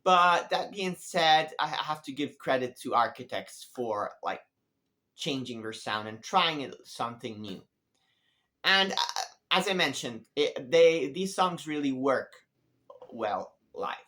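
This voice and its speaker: A man giving a casual spoken review of a concert he attended, thinking aloud with pauses and restarts. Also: medium pitch, lively intonation, bright, forceful tone. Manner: unhurried and musing, many pauses and restarts. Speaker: music vlogger.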